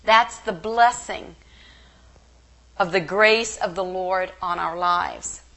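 A woman Bible teacher giving a slow, measured devotional teaching on a scriptural blessing. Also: fairly low pitch, fairly bright tone. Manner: slow, measured, reverent delivery.

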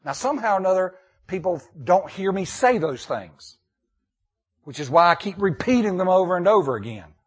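A man preaching a sermon, reading scripture and repeating key lines emphatically with dramatic pauses. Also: high-pitched, big pitch swings, slightly rough. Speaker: pastor.

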